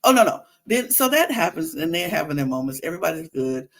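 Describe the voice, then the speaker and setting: A woman's voice: deep voice, big pitch swings, fast talker. A woman hosting a podcast, talking casually in a sassy, exasperated way. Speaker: podcast host recapping a reality show. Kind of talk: casual chat.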